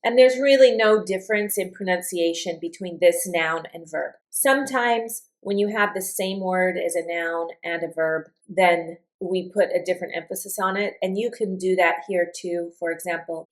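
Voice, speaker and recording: A woman teaching an English vocabulary lesson, explaining words patiently and clearly with slow, deliberate examples. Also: lowish voice, poor audio.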